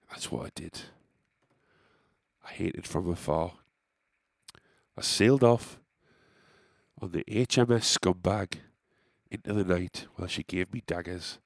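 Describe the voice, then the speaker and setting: A man's voice: mid-range voice, very animated, measured pace, a bit bright, no room sound, clean studio sound. A young man, a musician, telling a rambling, self-deprecating story in casual monologue.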